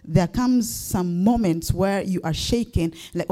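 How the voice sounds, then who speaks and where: A woman's voice: fairly low pitch, slow pace, hardly any pauses, mellow. A woman pastor preaching a sermon, building up to emphatic rising questions.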